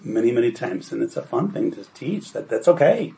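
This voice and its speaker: A man's voice: mid-range voice, very animated, a little fast, vocal fry, mellow, a little hiss or hum, low-quality recording. An older man, a grandfather, presenting a parenting workshop in an earnest, encouraging way, repeating words for emphasis. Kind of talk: workshop talk.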